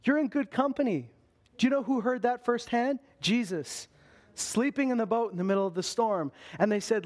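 A man preaching a sermon, talking straight to his listeners and jumping into panicked voices when he acts out a scene. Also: normal speed. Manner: animated, acts out panicked voices with big pitch swings. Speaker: pastor.

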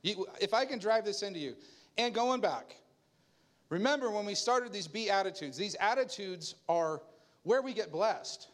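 A man preaching a sermon, talking straight to his congregation in a loose, conversational way and acting out the people he quotes. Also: normal speed. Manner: animated, jumps into a higher voice to act out quoted people; conversational preaching with asides and laughs. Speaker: pastor.

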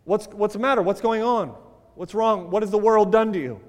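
A man preaching a sermon as pastor, swinging from loud emphasis to quiet asides and telling a joke story. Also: high-pitched, a little fast, big-room sound. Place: church sanctuary.

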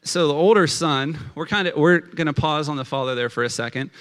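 Laid-back male preacher giving a relaxed, talky sermon. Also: on the high side, brisk, clean tone. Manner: conversational, many fillers of like, acts out quotes. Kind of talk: casual sermon.

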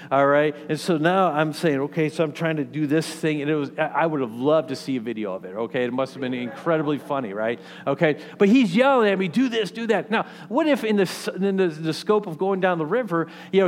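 A man preaching a sermon in a conversational way, often checking in with "okay?" and "right?" and restarting his sentences. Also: on the high side. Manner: frequent restarts and repeated words. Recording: long hall reverb.

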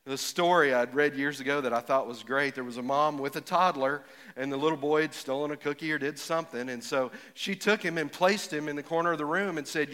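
Middle-aged male preacher, folksy storyteller, bright sharp voice with a touch of extra pitch. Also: a little fast, few pauses. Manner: folksy storytelling, rising to emphatic, builds up to jokes. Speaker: pastor. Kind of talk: sermon. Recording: echoey hall with long reverb.

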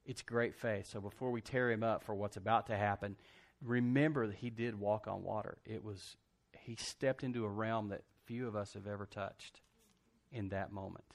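A man's voice: lowish voice, fairly even intonation, normal speed, vocal fry. A man preaching a sermon, telling the story conversationally and in a folksy way, acting out quotes and laughing often. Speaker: pastor.

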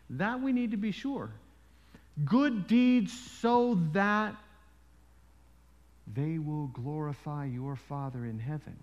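A man preaching a sermon as pastor, telling stories in an animated way with frequent asides. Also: high-pitched, muffled recording. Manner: animated storytelling with frequent "you know" asides. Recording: long reverb in a large hall.

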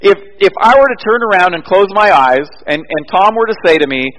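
A man's voice: high voice, quick pace, hardly any pauses, a bit bright, long reverb tail, poor audio. A man preaching a sermon as pastor, telling stories in an earnest way and building to emphatic peaks. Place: church.

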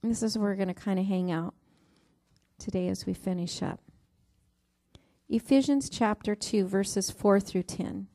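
A middle-aged woman with a mid-range voice preaches a sermon at a measured pace, leaving long pauses. She reads scripture and warmly tells a family story, giving rising emphasis to each verse number.

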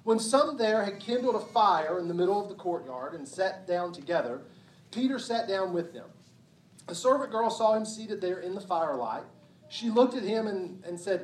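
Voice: mid-range voice, animated, moderate pace. A pastor delivers a sermon in a conversational, emphatic way and keeps checking in with the listeners. The voice carries through a roomy church and is picked up from some distance. A faint background hum is present. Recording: roomy hall sound from a distance.

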